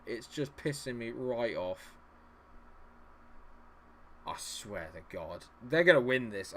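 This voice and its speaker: A man streaming his own game, commentating live, exasperated, swearing and talking at the players on screen. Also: medium pitch.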